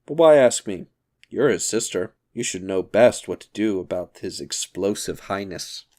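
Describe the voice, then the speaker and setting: A man's voice: lowish voice, animated, normal speed, darkish tone, natural voice. A man reading aloud, voicing a grasping middle-aged husband with a sardonic edge.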